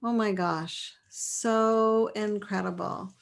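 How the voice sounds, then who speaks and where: A woman in her forties leading a live online class, reading out chat replies in a gentle, affirming way and laughing often. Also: medium pitch, steady tone, slow, vocal fry. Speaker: course leader.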